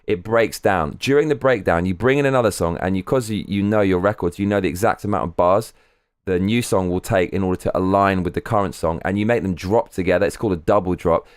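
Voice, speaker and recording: A man's voice: sits low, fast, dry recording, studio quality. A man chatting on a live stream, candid and rambling, swearing freely. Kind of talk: casual live-stream chat.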